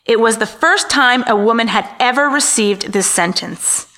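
Bright-voiced woman telling a crime story. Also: a little high, normal speed. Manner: chatty, wry asides, stumbles over names. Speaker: podcast co-host. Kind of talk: casual true-crime storytelling.

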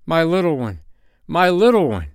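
A man's voice: medium pitch, expressive, normal speed, clean tone, no echo, clean studio sound, voice pushed up, natural voice. A man playing an earnest, grieving peasant father. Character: humble, brave peasant father mourning his child.

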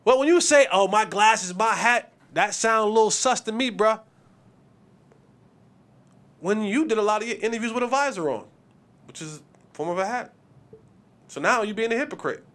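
A man hosting a sports podcast, giving opinionated commentary in an animated, preachy way and acting out quotes. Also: sits high, moderate pace, pauses often.

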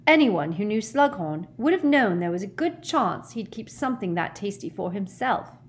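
A woman voicing a clever teenage girl who sounds stuffed up with a head cold, brisk and matter-of-fact. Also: mid-range voice, expressive, pitched above the performer's own voice, close to an everyday voice. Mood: reasoning. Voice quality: stuffy, blocked nose.

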